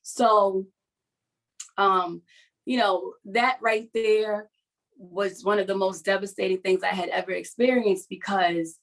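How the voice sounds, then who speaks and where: A woman who is a writer, hosting a support session and telling a personal story over a video call in an earnest, halting, confessional way. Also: medium pitch, steady tone, poor audio.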